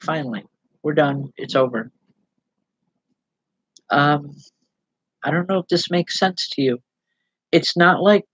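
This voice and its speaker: A woman giving live spiritual readings as a medium, speaking haltingly with repeated words and a gently reassuring manner. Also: sits low, rough recording. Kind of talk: live online psychic readings.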